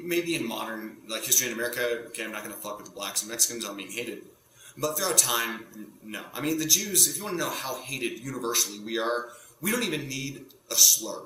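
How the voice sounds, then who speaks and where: A male stand-up comedian talks to camera in a bright, forceful voice, often cutting himself off and circling back to his point. The sound is roomy and echoey, and a faint hum runs under it. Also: mid-range voice. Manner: rambling, self-interrupting, provocative. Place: home setup in front of a green screen.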